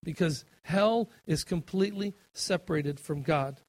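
A man's voice: normal speed, no room sound. Impassioned male pastor preaching. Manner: impassioned, rising in pitch and volume on scripture, with fillers and restarts. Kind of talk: sermon.

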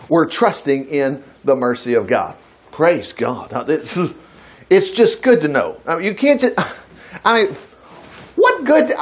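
An older man teaching from the Bible in a conversational way, reading verses aloud and breaking into emphatic bursts. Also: a little high. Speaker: preacher.

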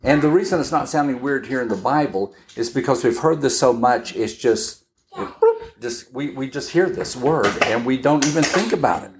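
Very low-voiced woman teaching scripture. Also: expressive, noisy background. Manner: checks in often with "all right?"; unhurried, with pauses and restarts. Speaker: Bible teacher. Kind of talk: conversational Bible-study sermon.

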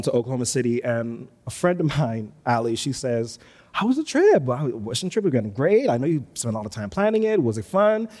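A man's voice: medium pitch, a little mellow. Guy giving a sermon live in church, long echo, jokes at his own expense. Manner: storytelling with self-deprecating humor. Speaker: pastor. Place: church sanctuary.

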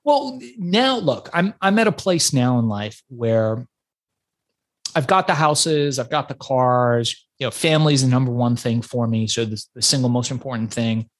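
A man's voice: medium pitch, moderate pace. Iran-born man telling his story. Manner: animated storyteller with frequent restarts. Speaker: podcast guest. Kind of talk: casual interview storytelling.

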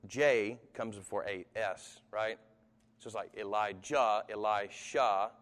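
A man's voice: fairly low pitch, fairly even intonation, slow pace, fairly bright tone. A man preaching a live sermon to an audience, talking conversationally with sudden emphatic rises and occasional chuckles. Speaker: pastor. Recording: long hall reverb.

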